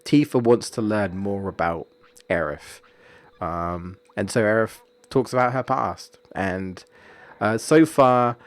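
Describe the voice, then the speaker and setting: A man's voice: lowish voice, dry recording. A man, streaming and chatting casually, rambling with many fillers and restarts. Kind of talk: casual chat about a story.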